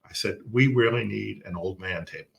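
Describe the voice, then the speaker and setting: Bright-voiced man in his sixties. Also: fairly low pitch, vocal fry. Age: 60s. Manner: reflective, unhurried, with fillers. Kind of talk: casual podcast conversation.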